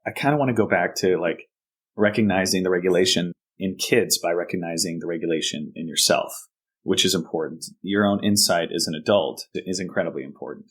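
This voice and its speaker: A male counselor with a fairly low, slightly breathy voice explains things steadily and conversationally in an interview. He often slips into acting out sample lines he would say to a child.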